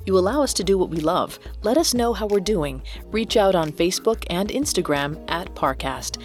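Woman, low-pitched, animated intonation, true-crime podcast narration, soft music bed. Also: moderate pace. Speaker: podcast co-host.

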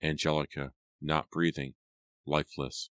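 A man reading an audiobook in a steady, measured storytelling manner. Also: rumbling low, no echo. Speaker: audiobook narrator. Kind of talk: scripted narration.

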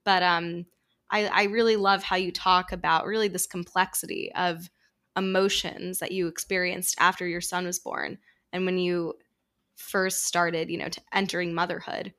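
A woman's voice: lowish voice, little pitch movement, moderate pace, a bit bright. A woman hosting a podcast, affirming her guest and reflecting thoughtfully. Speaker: podcast host. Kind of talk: interview conversation.

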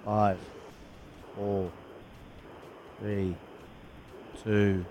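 A man's voice: on the low side, little pitch movement, very slow, darkish tone, a little hiss or hum. A man with a New Zealand accent hosting a breakfast radio quiz, upbeat as he counts down and teases callers.

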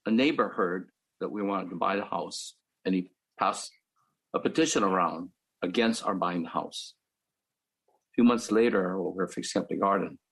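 Older man, low gravelly husky voice, matter-of-fact storytelling on a panel. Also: poor audio. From Philippines. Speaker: panel speaker. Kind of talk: personal storytelling.

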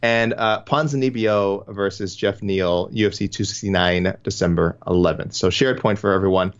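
A low-pitched man co-hosts a loose podcast chat, rambling and correcting himself as he goes and laughing easily along the way. The audio is dull and lo-fi, with muffled highs. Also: normal speed. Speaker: podcast co-host. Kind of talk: casual podcast chat about fight matchmaking.

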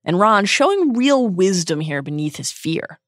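Woman co-host reading a book essay aloud, measured and earnest, dry close mic. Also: fairly low pitch, very animated, no room sound. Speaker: podcast co-host.

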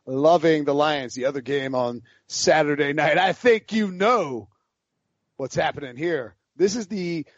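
Male podcast host, fairly high voice, rambling and animated, quick to laugh; dull, dry lo-fi mic. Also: no room sound. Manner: rambling, animated storyteller who laughs mid-sentence. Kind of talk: casual sports podcast banter.

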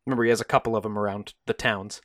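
A man's voice: fairly low pitch, fairly even intonation, rapid-fire, fairly bright tone, no room sound, studio quality. A man co-hosting a podcast, telling a true crime story in a casual, conversational way and briefly acting out the quoted voices.

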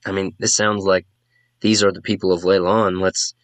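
A man's voice: low voice, little pitch movement, normal speed, no echo, close to an everyday voice. A man voicing an eager woman adventurer who stammers and hurries through her words.

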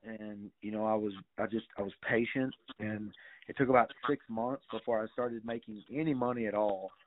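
A man's voice: on the low side, steady tone, normal speed. A middle-aged man telling stories casually as a guest, rambling with many fillers and some swearing. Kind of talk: casual storytelling. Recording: tinny phone-like sound.

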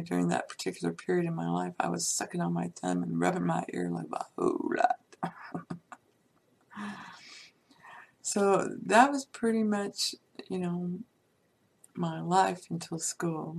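A woman casually telling a personal story from her life to her viewers, chatty with many asides and soft laughs. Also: lowish voice, fairly even intonation, measured pace, gravelly, long pauses.

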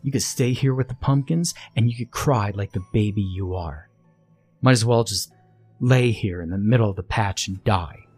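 Man doing a cocky teen bully, sneering and cruel, husky low voice, horror story read. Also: normal speed, darkish tone, no echo, soft background music. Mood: taunting. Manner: taunting, sneering, overconfident.

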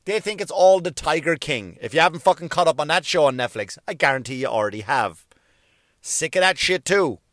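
A man's voice: a little high, animated, fairly quick, a bit bright, no echo, clean studio sound. A male comedian delivering a profane, emphatic solo rant, hammering his points home through repetition.

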